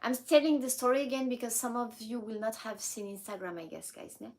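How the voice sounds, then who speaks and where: Woman, slightly high voice, animated casual vlog storyteller. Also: brisk, poor audio. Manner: animated, switches between English, French and Japanese fillers, laughs often. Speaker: vlogger.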